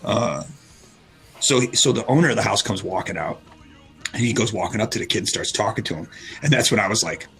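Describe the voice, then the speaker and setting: Gravelly, bright-voiced man telling a story. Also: lowish voice, fairly quick, faint music behind, low-quality recording. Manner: animated storyteller, acts out quotes. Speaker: radio show host. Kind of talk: casual storytelling chat.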